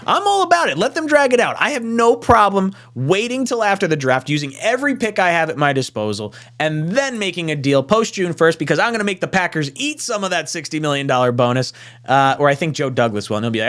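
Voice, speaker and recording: A man hosting a live fan podcast panel, reading viewer super chats and chatting casually, with animated swearing asides. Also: on the high side, fast. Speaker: podcast host.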